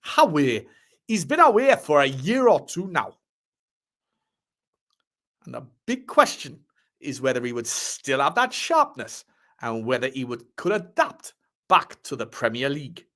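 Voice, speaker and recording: A man's voice: medium pitch, big pitch swings, measured pace, long pauses, bright, forceful tone. A man putting on a Geordie accent to play an older male football pundit, blunt and doubtful, in a half-hearted impression.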